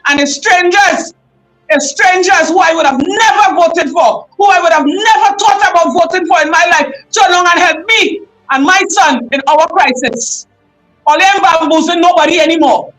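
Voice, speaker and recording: Soft music plays in the background of this rough recording of a livestream host from Trinidad and Tobago. Her voice is very high-pitched and fairly bright, her pace moderate, and her Trinidadian accent clear as she speaks out emotionally, often raising her voice.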